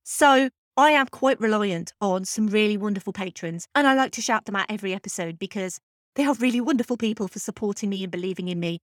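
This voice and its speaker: A woman's voice: medium pitch, fast talker, no echo, studio quality. A woman hosting a film podcast, chatty and enthusiastic as she wraps up the episode with announcements. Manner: chatty, enthusiastic, self-deprecating. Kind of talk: scripted podcast outro. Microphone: podcast microphone.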